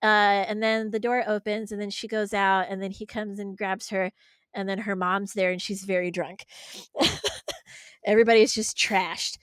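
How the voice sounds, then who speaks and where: Blunt, sarcastic young woman, smooth voice. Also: medium pitch, a little slow, no room sound. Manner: blunt, sarcastic, animated storytelling. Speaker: podcast co-host. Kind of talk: casual chat.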